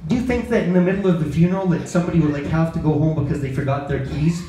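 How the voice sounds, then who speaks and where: A man's voice: fairly high pitch, fast talker, dark tone, slight background noise. A man doing an open mic stand-up set in a bar, self-deprecating and quizzing the crowd, then chatting about how it went. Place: bar comedy night. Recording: echoey bar room, faint ambience.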